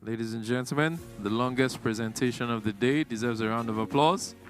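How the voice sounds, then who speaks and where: A man's voice: mid-range voice, brisk, soft background music. Playful man emceeing an event. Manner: playful, teasing, exclamatory. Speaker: event master of ceremonies.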